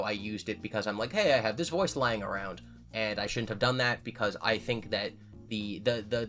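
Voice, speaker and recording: A man's voice: medium pitch, a bit bright. A man hosting his own channel, answering viewer questions in casual chat and thinking aloud with frequent restarts.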